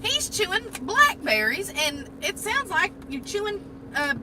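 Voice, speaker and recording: Very high-voiced woman, giggly. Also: big pitch swings, measured pace, pushed and bright. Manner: laughs often, teasing. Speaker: vlogger co-host. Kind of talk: casual live chat. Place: inside a parked car at night. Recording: car noise behind.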